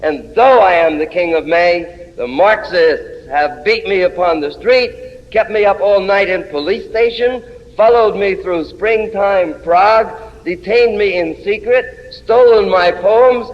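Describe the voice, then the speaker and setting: A man's voice: high voice, a little slow, long reverb tail, muffled recording. A man reading his own poem aloud in a chanting, incantatory way, returning again and again to the same refrain. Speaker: poet. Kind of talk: poetry reading.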